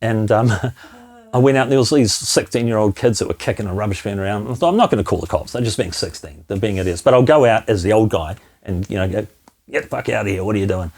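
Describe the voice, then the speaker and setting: A comedian from New Zealand with a New Zealand accent, telling stories in casual chat and laughing through them. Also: male voice, fairly low pitch, fast talker, a little mellow. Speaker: comedian guest.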